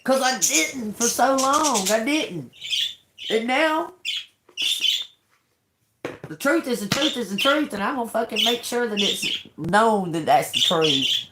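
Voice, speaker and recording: Blunt, foul-mouthed woman hosting a livestream, animated delivery, roomy echo. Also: on the high side, takes it slowly, long pauses, heavy background noise. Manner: blunt, profane, animated storytelling. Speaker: tarot reader livestream host. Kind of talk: casual livestream talk. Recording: echoey room.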